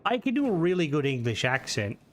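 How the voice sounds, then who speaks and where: A man's voice: a little high, sing-song, brisk, slight background noise. Rambling Irish man streaming. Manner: rambling, swears freely, answers chat. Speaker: game streamer. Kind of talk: casual live-stream chat.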